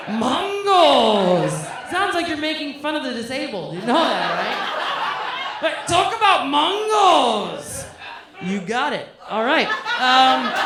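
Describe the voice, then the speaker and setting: A comedian's medium-pitched voice comes through background noise as she performs live stand-up. Crude and teasing, she trades jabs with the front row from a comedy club stage, captured in an echoey club room.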